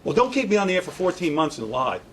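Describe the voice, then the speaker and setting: A man's voice: high voice, big pitch swings, fast talker, slight background noise, poor audio. A middle-aged man, a radio broadcaster, giving an indignant, sarcastic statement and taking questions at a press conference.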